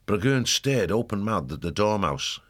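Deep-voiced male storyteller. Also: moderate pace. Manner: steady storytelling. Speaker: narrator. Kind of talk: scripted storybook narration.

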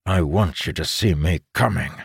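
A man's voice: low voice, moderate pace, vocal fry, husky, no room sound, studio quality, exaggerated voice. A man narrating a fantasy audiobook, voicing an angry adult male military commander who speaks in bitter, clipped lines. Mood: furious.

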